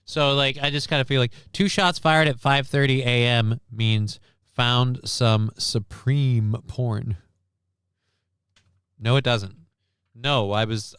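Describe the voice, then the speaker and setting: A man's voice: medium pitch, fairly bright tone, clear, resonant tone, no room sound, clean studio sound. Sarcastic, profane man ranting. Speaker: streamer host. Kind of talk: casual news commentary rant.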